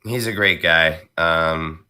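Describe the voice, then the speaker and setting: A man's voice: sits low, slow, sharp tone, clean tone. A man who is a voice actor, chatting casually on a podcast, laughing often and using many fillers and restarts. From northern United States. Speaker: voice actor guest.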